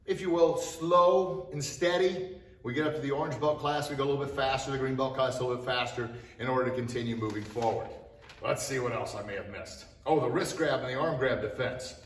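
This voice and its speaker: A man teaching a beginner martial arts class, demonstrating the moves and counting the reps aloud. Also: mid-range voice. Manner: energetic coaching, counting aloud in Korean. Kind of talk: instructional video lesson. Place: martial arts training hall. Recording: echoey room, mic at a distance.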